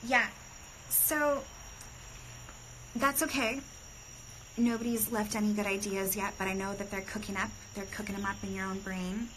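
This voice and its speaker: A woman's voice: medium pitch, steady tone, moderate pace, pauses often, a bit bright, a little hiss or hum, rough recording. A woman hosting a casual spiritual livestream on her phone, breezy and chatty, swearing freely and saying "like" a lot. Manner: breezy, chatty and profane, with lots of "like". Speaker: livestream host. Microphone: phone camera on a live stream.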